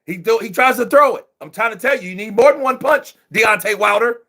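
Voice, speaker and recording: Hyped up guy yelling over a boxing fight, high bright husky voice, swears a lot. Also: a little fast, few pauses. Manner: excitable, profane, shouting at the ref. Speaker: boxing commentator. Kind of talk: live fight watch-along commentary.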